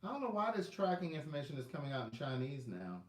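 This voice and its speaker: This Southern-accented book seller runs a laid-back live stream, chatting aimlessly and addressing viewers by name while glancing at his phone. He speaks quickly in a fairly high voice with big swings in pitch, recorded in an echoey room.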